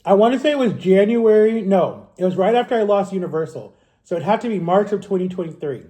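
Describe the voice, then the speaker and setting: A man's voice: high voice, expressive, fast, dark tone. A man in his thirties from Florida, telling his story to camera in a casual, candid way and correcting himself as he goes. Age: 30s. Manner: rambling and candid, self-correcting. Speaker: vlogger. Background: eating on camera.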